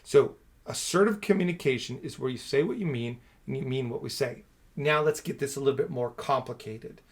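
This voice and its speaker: A man's voice: mid-range voice, brisk. Emphatic man teaching on camera. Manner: emphatic, repeats key phrases in rhythm. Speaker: speaker and coach.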